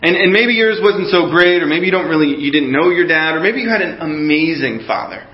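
Animated preacher man, lo-fi sound. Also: a little high, a little fast, reverberant. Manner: animated, questions the audience, drops to a hushed voice in guided imagery. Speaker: pastor. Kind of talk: sermon. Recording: dull lo-fi recording.

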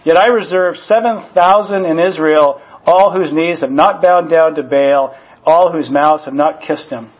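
A man's voice: fairly high pitch, a little slow. A man, a pastor, preaching a conversational sermon with personal asides and frequent "you know" fillers. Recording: dull lo-fi recording.

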